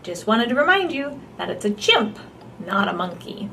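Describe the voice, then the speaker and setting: A woman's voice: mid-range voice, big pitch swings, normal speed, vocal fry, bright, forceful tone, slight background noise. A woman reading a picture book aloud to small children, with gasps, an exaggerated delivery and coaxing questions to the child. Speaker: storyteller for babies and toddlers.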